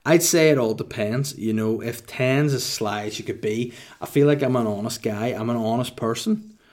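A Northern Irish man in his thirties hosts a casual Q&A, joking along in a mock-boastful, deadpan way. His voice sits at a middling pitch for a man. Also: moderate pace. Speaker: host answering listener questions. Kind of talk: casual comedic Q&A chat.

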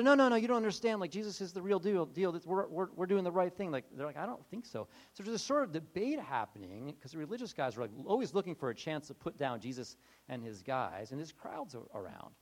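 Male pastor, casual sermon; higher voice with a lively, swooping delivery; talks off the cuff and acts out quotes. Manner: conversational, acts out quoted voices, many restarts.

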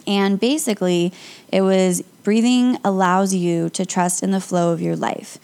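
A young woman, a yoga instructor and podcast host, talks listeners through calm breathing exercises in a casual, encouraging way. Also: medium pitch, measured pace, vocal fry, clean tone. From Las Vegas area. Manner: calm, upbeat and encouraging, with light laughs.

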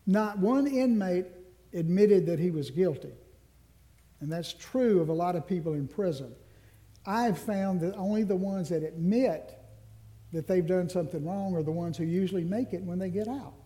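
A male minister delivers an earnest sermon in a high, mellow voice. He draws out the phrases that matter most and drops in the odd self-deprecating aside. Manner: earnest, slows down on key phrases. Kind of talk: Ash Wednesday sermon.

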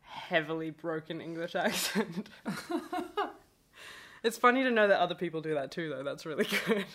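Low-voiced chatty woman from Brazil. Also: moderate pace. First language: Portuguese. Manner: chatty and animated, laughs often. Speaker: guest. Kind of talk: casual podcast conversation.

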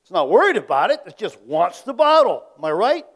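A man preaching a sermon in a conversational way, often asking the congregation rhetorical questions and dropping to quiet tag questions. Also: high voice, very animated, brisk, husky. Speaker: pastor.

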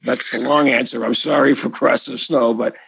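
A man's voice: medium pitch, fairly even intonation, moderate pace, vocal fry, a bit bright, husky, no room sound, rough recording. A man with a Boston accent, an author answering an interview question in a rambling, enthusiastic way full of asides and restarts.

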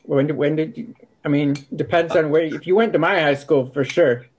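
Guest: man with a fairly high voice, stammers and restarts, deadpan skeptical remarks. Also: normal speed, slight background noise. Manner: hesitant, stammering restarts, dry skeptical humor. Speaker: podcast guest. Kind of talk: casual conversation.

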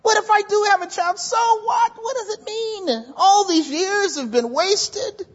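A woman's voice: extremely high pitch, measured pace, pitched above the performer's own voice. A woman voicing a weary, doubting elderly woman who sees her life as wasted. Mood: bitter. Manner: bitter, questioning. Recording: dull echoey church hall recording.

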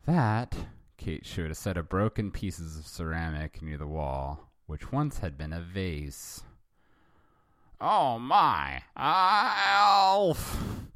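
Deep-voiced man reading with wry asides. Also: expressive, unhurried, hardly any pauses, a little mellow, no echo, clean studio sound. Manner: wry, self-interrupting asides. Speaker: host reading fanfiction. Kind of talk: comic dramatic reading with asides.

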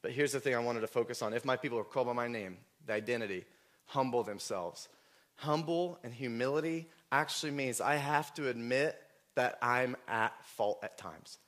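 Guy preaching, mid-pitch voice, gets worked up and near shouting telling stories. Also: moderate pace. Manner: earnest, emotional, rises to near-shouting in stories. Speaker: pastor. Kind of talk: sermon with personal stories.

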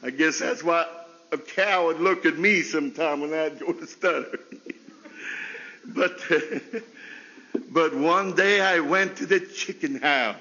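A man preaching a folksy sermon with a stutter, often laughing and leaping into high bursts. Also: takes it slowly, pauses often, bright, forceful tone, long reverb tail, lo-fi sound. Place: chapel service.

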